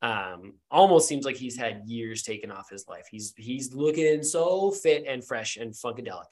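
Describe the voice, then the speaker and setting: A man's voice: medium pitch, expressive, moderate pace, darkish tone. Brief: a man in a middle register, a loose and rambling tabletop game narrator. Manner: rambling, full of ums and likes. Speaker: game master.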